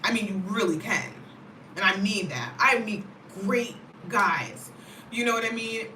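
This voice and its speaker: An American woman chatting casually to camera as a vlogger, animated and talkative, often checking in with "you know what I mean". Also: medium pitch, measured pace, slight background noise. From United States. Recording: roomy, mic at a distance.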